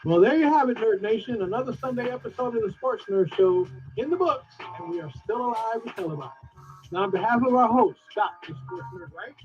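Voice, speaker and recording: A man's voice: high voice, expressive, brisk. A man co-hosting a sports podcast, doing a showy announcer-style outro. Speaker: co-host doing show outro. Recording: dull sound with music behind.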